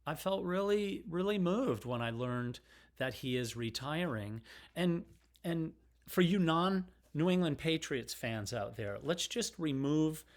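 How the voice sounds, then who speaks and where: Middle-aged male vlogger, unscripted and digressive, candid and emotional, average pitch. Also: lively intonation, slow. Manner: rambling and digressive, frank and emotional. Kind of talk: casual rambling monologue.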